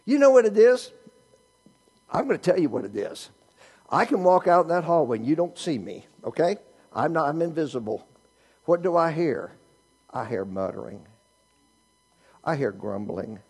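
A man's voice: fairly high pitch, big pitch swings, moderate pace, long pauses, a little mellow, breathy edge. A male pastor preaching a sermon, asking the congregation rhetorical questions and teasing them with humor.

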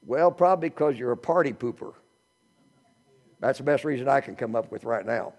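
Male pastor, middle-aged, preaching a sermon with wide-ranging pitch, playful asides, loud-to-hushed swings. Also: a little fast, slightly rough. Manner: animated, joking asides, shifts from loud to hushed.

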